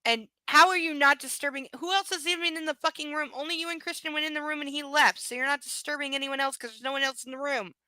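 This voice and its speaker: A woman's voice: high-pitched, fairly even intonation, quick pace, few pauses, sharp tone, no echo. A woman streaming a live book reading, breaking off into sarcastic, profane commentary. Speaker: livestream reader.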